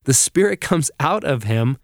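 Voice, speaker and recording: Guy on a faith podcast walking through scripture, earnest, mid-pitch voice, dry close sound. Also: animated, no echo. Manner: earnest, reads scripture aloud slowly. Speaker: podcast co-host. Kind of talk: reflective Bible teaching.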